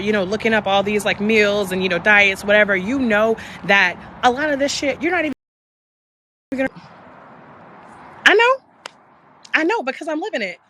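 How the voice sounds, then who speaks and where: Young woman, bright voice, candid, profane, emphatic, faint street noise behind. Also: mid-range voice. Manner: candid and profane, emphatic, shifts between passion and softness. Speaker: wellness coach hosting a live stream. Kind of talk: casual live-stream talk.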